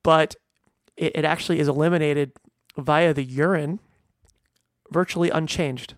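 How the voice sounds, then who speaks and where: A man's voice: on the high side, fairly even intonation, moderate pace, dry recording, studio quality. A middle-aged man, a veterinarian, talking casually and earnestly, stressing points with restarts and fillers. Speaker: veterinarian and podcast host. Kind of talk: casual monologue.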